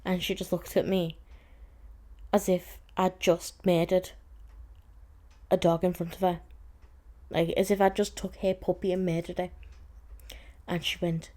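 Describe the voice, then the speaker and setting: A woman's voice: lowish voice, little pitch movement, measured pace, long pauses, warm tone. A young woman hosting a podcast, chatting casually as she tells a story with plenty of "like"s and some exasperation. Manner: chatty and exasperated, with frequent "like" fillers. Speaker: podcast host.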